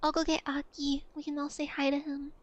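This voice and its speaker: A woman streamer in casual livestream chat, playful and chatty as she answers her chat, often dropping to a soft, quiet voice. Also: high voice, completely flat delivery, fairly quick, highs cut off.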